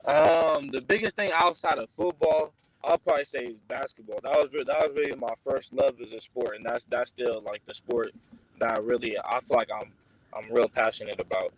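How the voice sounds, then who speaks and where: A man's voice: medium pitch, rough recording. Teen guy being interviewed, easygoing, keeps restarting his sentences. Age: teens. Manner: laid-back, halting with many restarts. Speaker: guest, high school football recruit. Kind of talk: casual interview answers.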